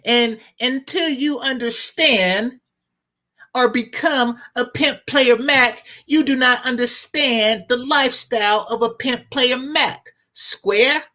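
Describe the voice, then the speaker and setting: A man's voice: very high voice, slow pace, pushed and bright, pitched above the performer's own voice, full character voice. A man voicing an arrogant self-styled pimp who talks down to others in a condescending, lecturing way. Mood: haughty.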